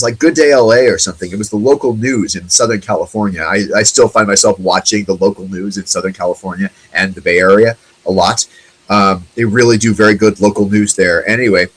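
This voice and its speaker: Man, forties, talk show host, low husky voice, rambling, chatty, full of ums. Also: a bit bright, rough recording. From United States. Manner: rambling, chatty, with many fillers and restarts. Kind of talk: casual solo talk show monologue.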